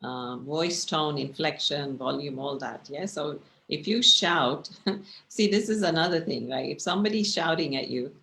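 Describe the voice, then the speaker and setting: A woman meditation teacher giving a relaxed talk with slides, speaking in a conversational way that often checks in with the listener. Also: low voice, a little slow, vocal fry. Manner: expressive, gestures while speaking.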